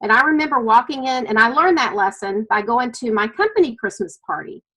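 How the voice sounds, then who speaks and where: A woman's voice: on the high side, animated, fairly quick, sharp tone, low-quality recording. A middle-aged woman with a Southern US accent, giving an earnest, emotional personal testimony about her weight-loss journey. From American South. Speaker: weight-loss client sharing her story.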